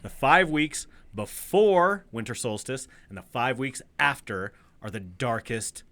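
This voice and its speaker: Man in his forties, bright forward tone, animated storyteller who curses casually on a chat podcast. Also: medium pitch, measured pace. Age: 40s. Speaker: podcast co-host.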